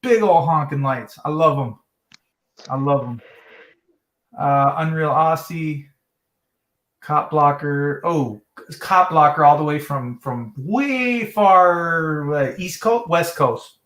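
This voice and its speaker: A man's voice: a little high, slow, a bit bright, roomy sound. A man hosting a livestream from South Dakota, rambling and profane, repeating his words as he rants. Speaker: livestream host. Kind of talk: ranting livestream chat.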